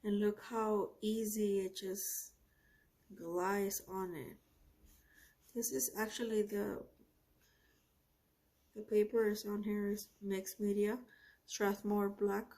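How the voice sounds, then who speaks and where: A woman talks slowly and unhurriedly as she swatches paints at her art desk. She gushes over each color and often breaks off mid-sentence. Her tone is casual and chatty, like a host talking straight to her viewers. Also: mid-range voice, level tone, dark tone. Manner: gushing, effusive, often trails off mid-sentence. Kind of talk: casual product review while swatching.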